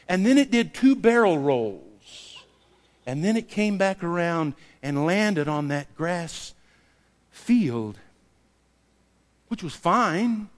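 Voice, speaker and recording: A man preaching a sermon, telling a personal story and acting out the dialogue with lively variation. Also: sits high. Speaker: pastor. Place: church sanctuary. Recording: long hall reverb.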